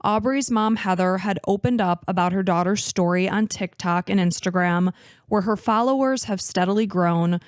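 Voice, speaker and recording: A woman's voice: mid-range voice, moderate pace, no echo, clean studio sound. A woman in her thirties hosting a podcast, emotional and teary as she chats and narrates a case. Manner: emotional, talks openly about crying. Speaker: podcast host. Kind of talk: casual chat and case narration.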